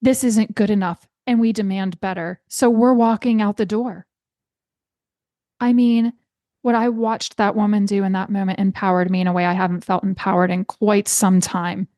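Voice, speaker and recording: A middle-aged woman talks alone into the mic for her podcast, telling a story and working herself up into a passionate call to action. She leans on repetition for emphasis, and her voice sits at an ordinary pitch. The sound is dry and close, with no room around it. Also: fairly even intonation, normal speed, dark tone, no echo. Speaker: podcast host. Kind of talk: solo podcast monologue.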